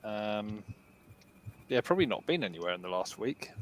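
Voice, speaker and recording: Laid-back guest, low voice, light background hiss. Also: male voice, very animated, normal speed. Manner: laid-back, hesitant with ums. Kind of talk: casual chat.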